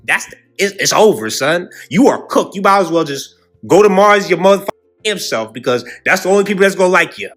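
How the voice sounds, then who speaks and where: A man with a high, lively voice riffs through comedic political commentary, heavy on slang and quick mock impressions. His pitch jumps all over as he talks, with faint music underneath. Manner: animated, slangy, acts out quotes in mocking voices. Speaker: online commentator.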